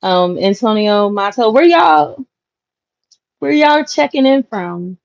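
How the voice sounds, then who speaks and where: Speaking slowly with vocal fry, this livestream host has a slightly high, expressive voice as she chats from home, reads comments and often laughs while talking straight to viewers. The sound is dry, dull and lo-fi, with no room ambience.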